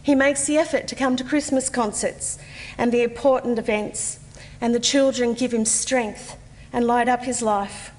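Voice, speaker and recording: Australian woman, 40s, slightly high voice, earnest testimony, long hall reverb. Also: steady tone, a little mellow. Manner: measured, earnest, with slow deliberate pauses. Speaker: conference speaker. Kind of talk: personal testimony, read aloud. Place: conference hall.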